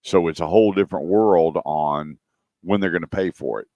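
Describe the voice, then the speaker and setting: A very deep-voiced man, hosting a radio show and spinning playful prank stories. His voice is dry and close to the mic. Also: normal speed, no room sound, dull audio. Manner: tells joking prank stories, acting out voices. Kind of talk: casual radio chat and storytelling.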